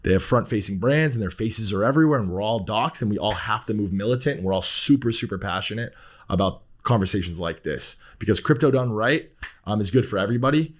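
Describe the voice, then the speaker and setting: A man's voice: on the low side, lively intonation, fast. A man, a podcast guest who talks bluntly, rambles with fillers and swears often. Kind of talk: casual podcast talk.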